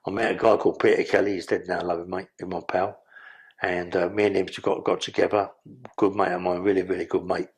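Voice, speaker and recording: Man, rambling storytelling, heavy swearing, husky voice, gravelly edge. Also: deep voice, little pitch movement, brisk. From London. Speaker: podcast guest. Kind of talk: casual storytelling.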